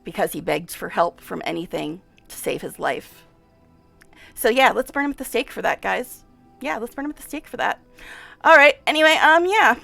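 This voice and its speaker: A woman's voice: on the high side, lively intonation, normal speed, creaky, sharp tone, no room sound, faint music behind. A woman giving casual let's-play commentary and reading game text aloud, distressed and exasperated, sighing and repeating herself. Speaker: game streamer.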